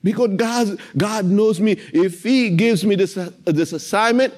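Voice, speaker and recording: A man's voice: high voice, unhurried, darkish tone. A man sharing a faith testimony about his Christian literature business, telling it in an earnest, emotional way and repeating himself as he goes. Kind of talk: personal faith testimony, storytelling. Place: in his warehouse.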